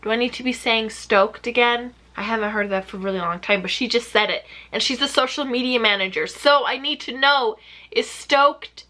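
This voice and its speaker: A woman vlogger giving a chatty, sarcastic recap of a TV show with rapid-fire questions. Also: on the high side, pushed and bright. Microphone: camera mic.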